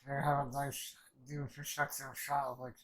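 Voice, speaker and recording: A man talks through an anime episode in a level, mid-pitched voice that barely rises or falls. His talk is loose and rambling, thick with swearing and filler words. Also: little pitch movement, normal speed, fairly bright tone, rough recording. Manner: rambling, profane, filler-heavy. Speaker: reaction channel host. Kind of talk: anime reaction commentary.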